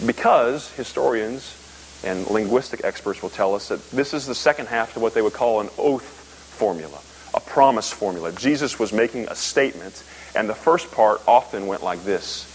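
A man preaching a sermon, emphatic, asking rhetorical questions and swinging from loud peaks to low, quiet lines. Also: expressive, normal speed, rough recording. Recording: faint hiss.

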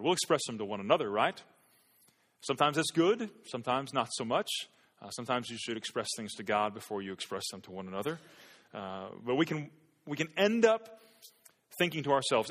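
A man's voice: mid-range voice, a bit bright. A male pastor preaching an earnest sermon to his church, often repeating words as he builds emphasis. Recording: long hall reverb.

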